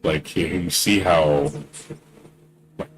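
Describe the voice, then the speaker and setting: A man's voice: very deep voice, fairly even intonation, takes it slowly, soft background music, poor audio. A man streaming a game, ranting indignantly in casual talk, repeating himself with many fillers. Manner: indignant, repetitive, many "you know" fillers. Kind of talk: casual rant during a livestream.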